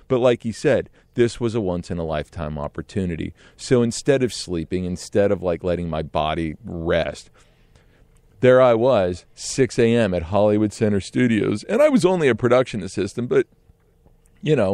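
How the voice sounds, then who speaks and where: A middle-aged man telling a casual story in an animated way, often laughing and acting out what others said. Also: low-pitched, dry recording. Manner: animated, laughs often, acts out quoted voices.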